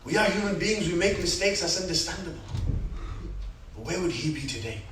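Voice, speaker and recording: A man with a fairly high voice delivers a sermon, telling stories with surging dramatic passages and hushed reflective ones. He is heard from some distance in a reverberant hall, with a faint hum of room ambience behind him. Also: expressive, fairly quick. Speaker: speaker at a religious gathering. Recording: echoey hall, speaker far from mic, faint room noise.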